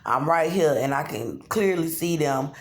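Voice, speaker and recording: A woman filming herself on a phone in a dark motel room, talking in an agitated, profane, repetitive way. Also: deep voice, lively intonation, a little slow. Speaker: vlogger. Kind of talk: angry self-filmed monologue. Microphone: phone camera. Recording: echoey room.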